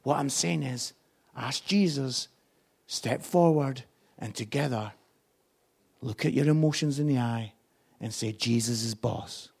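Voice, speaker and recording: A man preaching a sermon, impassioned, swinging between hushed lines and loud ones. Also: mid-range voice, measured pace, creaky, pauses often, husky.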